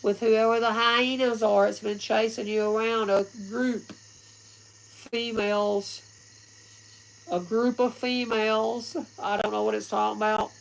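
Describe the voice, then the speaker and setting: Gravelly slow-talking woman reading tarot. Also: fairly high pitch, level tone, slight background noise, rough recording. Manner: rambling and giggly, laughs often; blunt, swears casually. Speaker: tarot reader. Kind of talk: casual livestream tarot reading.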